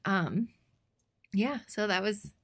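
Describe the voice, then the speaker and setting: A young woman telling a story in casual podcast chat, animated and giggly, with lots of fillers. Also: medium pitch, slow pace, husky. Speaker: podcast co-host.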